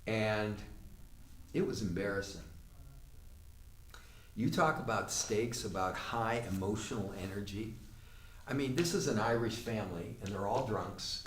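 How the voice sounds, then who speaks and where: A man's voice: fairly low pitch, a little hiss or hum. A man telling a theatre story in a rambling, profane way, often restarting his sentences. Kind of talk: storytelling monologue. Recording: roomy, mic far off, faint room ambience.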